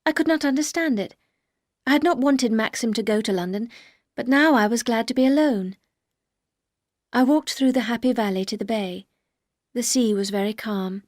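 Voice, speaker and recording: A woman narrating a classic novel aloud in a calm, steady storytelling voice. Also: on the high side, moderate pace, dry recording, clean studio sound. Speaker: audiobook narrator.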